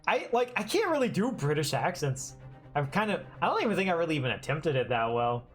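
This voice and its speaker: A streamer chats casually over gameplay, thinking aloud in loose, hesitant runs full of restarts. The voice sits at a middling pitch, and faint music plays underneath. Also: big pitch swings, brisk. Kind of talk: casual live-stream commentary while playing a game.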